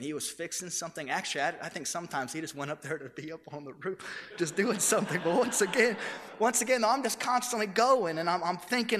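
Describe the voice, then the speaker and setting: Male pastor, 30s, energetic self-mocking sermon, forceful bright voice, echoey hall. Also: high-pitched. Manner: energetic, self-deprecating storytelling.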